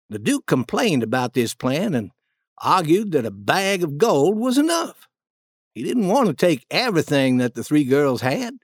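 A man narrating a story aloud in a plain, steady first-person storytelling manner. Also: fairly high pitch, moderate pace, slightly rough, no room sound.

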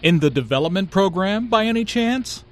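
A man's voice: high voice, expressive, moderate pace. A man acting out a courteous scripted conversation for a language lesson. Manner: courteous, complimentary. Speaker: dialogue actor in a language lesson.

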